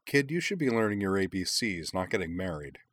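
A man's voice: low-pitched, sing-song, fairly quick, a bit bright, no echo, heavily acted. A man voicing a wry, quippy young woman who leads a band of adventurers. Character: wisecracking young woman thief acrobat.

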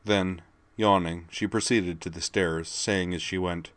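Reading a story aloud for an audiobook, a male narrator uses a low, deep voice and keeps a measured, even pace. The delivery is steady, and the recording is close and dry, without any room sound.

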